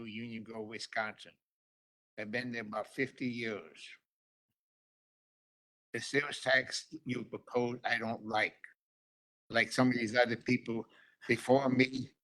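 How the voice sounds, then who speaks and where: Older man, halting and rambling, bright voice, board-meeting commenter. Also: medium pitch, poor audio. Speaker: public commenter. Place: county board chambers.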